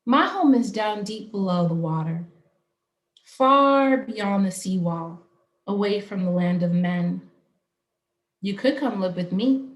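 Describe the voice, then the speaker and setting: A woman's voice: mid-range voice, lively intonation, slow, pauses often, echoey room. A woman voicing a kind adult mermaid who talks in a pleasant, reassuring, coaxing way. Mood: gentle.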